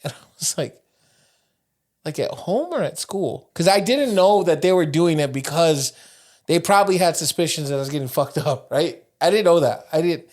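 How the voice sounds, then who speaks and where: Man, 30s, podcast co-host, casual chat, animated storyteller, laughs a lot. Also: on the high side, brisk.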